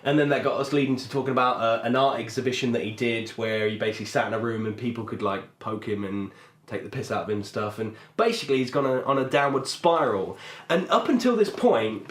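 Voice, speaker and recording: A man's voice: mid-range voice, fairly bright tone. Rambling man in an echoey room. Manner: rambling, laughs a lot, crude jokes. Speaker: podcast host. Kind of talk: casual chat.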